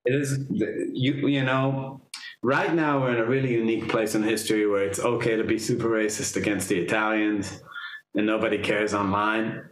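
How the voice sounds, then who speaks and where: A man's voice: fairly low pitch, little pitch movement, moderate pace, echoey room, poor audio. A man hosting a podcast, chatting casually with crude jokes and lots of fillers. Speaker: podcast host. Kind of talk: casual chat.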